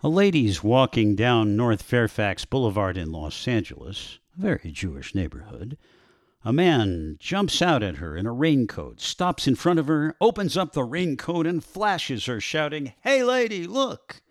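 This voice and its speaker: A man hosting a radio talk show, chatting with a guest and reading short segments, emphatic and slowing down on key words. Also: mid-range voice, very animated, dry recording, clean studio sound.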